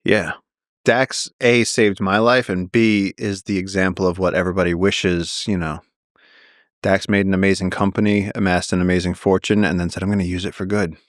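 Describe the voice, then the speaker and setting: A man guest on a podcast, a naturalist telling stories in an animated way, with tumbling phrases and frequent restarts. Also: deep voice, moderate pace, dry recording, clean studio sound. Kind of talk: casual storytelling conversation.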